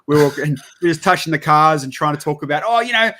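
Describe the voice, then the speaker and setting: A man's voice: a little high, fast, a little hiss or hum. A man with an Australian accent, chatting casually and telling a rambling story, acting out other people's lines and swearing loosely. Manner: rambling, animated, swears casually, acts out dialogue. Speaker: podcast host.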